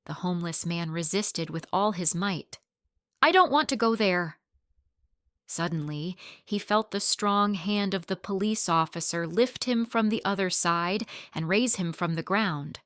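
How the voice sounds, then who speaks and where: A woman narrating a story in an even, scripted storytelling manner. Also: fairly low pitch, unhurried, few pauses, dry recording, studio quality.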